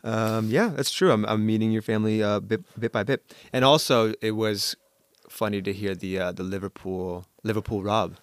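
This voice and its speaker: A man's voice: fairly low pitch, fairly even intonation, moderate pace, few pauses, no room sound. Man, podcast co-host, joking wry asides, casual chat, dry close sound.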